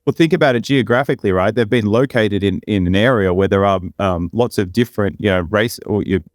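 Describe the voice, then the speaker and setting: Australian man, low voice, laid-back podcast chat, dry close sound. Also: a little fast, dry recording. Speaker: podcast co-host.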